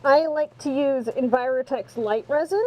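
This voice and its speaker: A woman's voice: sits high, moderate pace, a little mellow, low-quality recording. A woman streaming live from home on a wireless mic, chatting casually and playfully, swearing now and then. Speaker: streamer and voice actress. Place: home, in a pouring tent and around the house. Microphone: wireless mic on a receiver.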